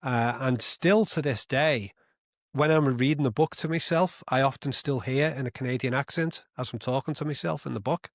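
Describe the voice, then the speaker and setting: A man's voice: medium pitch, moderate pace, dry recording, studio quality. A man in his fifties from Britain, a podcast guest in casual conversation who reflects and thinks aloud. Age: 50s.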